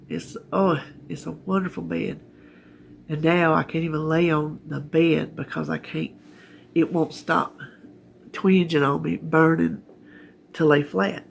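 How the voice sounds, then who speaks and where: Here a middle-aged woman from North Carolina, with a Southern accent, sits in her living room chair giving a casual health update for her vlog. Low-pitched with vocal fry and a little hiss or hum behind her, she rambles in a homespun way and laughs often.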